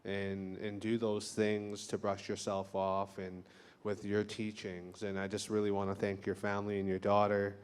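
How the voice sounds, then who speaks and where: A man giving heartfelt thanks at a public event, speaking softly and haltingly with restarts. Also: lowish voice, monotone, clean tone. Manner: soft-spoken, halting with restarts. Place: lecture hall. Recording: long hall reverb.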